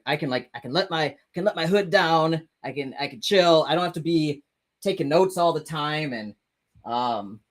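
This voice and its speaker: A man with a slightly high voice chats casually on a livestream, reading comments aloud to his viewers. He rambles and trips over words, correcting himself and swearing without restraint. The recording is rough.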